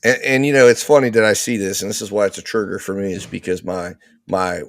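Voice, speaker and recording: Gravelly, low-voiced male show host. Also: quick pace, slight background noise. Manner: animated storyteller, acts out quotes loudly. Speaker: host of a live legal commentary show. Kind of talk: casual live commentary and storytelling.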